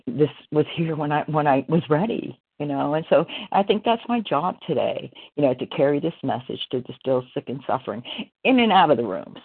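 A woman's voice: low-pitched, animated, brisk, gravelly, slightly rough. A woman in her sixties sharing at a recovery meeting over a video call, rambling and heartfelt with many "you know" fillers. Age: 60s. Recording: tinny phone-like line.

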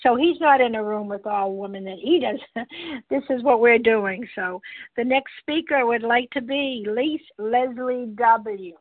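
High-voiced woman hosting over a phone. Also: a little slow, no room sound. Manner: chatty, friendly announcing. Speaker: meeting host. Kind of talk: casual meeting hosting. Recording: tinny dry phone line.

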